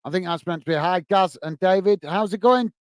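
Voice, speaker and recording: Greeting his chat as the football match plays, a man delivers friendly play-by-play on his watch-along stream. His high voice is clear and resonant, a little fast, with no echo.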